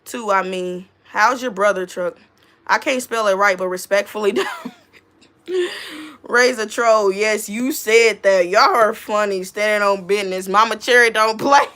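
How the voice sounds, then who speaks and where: A woman hosting a casual livestream, reading chat comments aloud in slangy, animated talk and laughing often. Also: mid-range voice, a little slow. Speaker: livestream host; school staff member.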